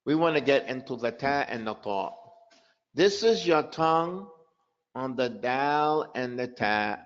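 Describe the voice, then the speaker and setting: A man teaching a live online pronunciation lesson, repeating example words and asking his students quick questions. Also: mid-range voice, animated, muffled recording. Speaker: tajweed teacher.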